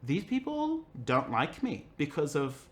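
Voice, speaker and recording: A young man casually telling a personal story as a podcast guest, animated and acting out the people he quotes. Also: a little high, unhurried. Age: young adult. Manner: animated, acts out quoted voices, many "like" fillers.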